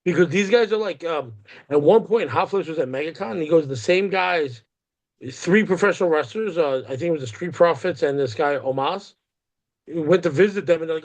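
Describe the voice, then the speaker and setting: A man with a fairly high voice hosts a casual comics podcast. He rambles enthusiastically, drops in casual swearing, and keeps the chat loose. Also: a little fast. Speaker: podcast host.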